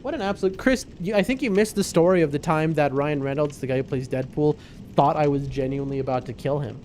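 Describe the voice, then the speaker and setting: Casting: male streamer, slightly higher voice, playful and wisecracking, light background hiss. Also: fast talker, a little mellow. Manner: joking, playful, talks back to the game. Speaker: livestream gamer host. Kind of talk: casual gaming stream commentary.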